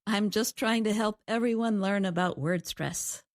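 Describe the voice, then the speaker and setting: Calm woman co-hosting an English lesson. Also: medium pitch, unhurried. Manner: calm, even, clear explanations. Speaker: co-host and English teacher. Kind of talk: scripted teaching dialogue.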